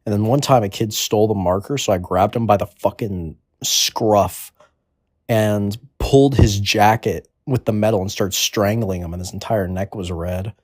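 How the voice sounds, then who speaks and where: A man in his twenties with a lowish voice, rambling through a crude comedic monologue in an offhand manner. The recording is dry and close, with no room sound. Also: normal speed, a little mellow, dry recording. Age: 20s. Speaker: comedic storyteller.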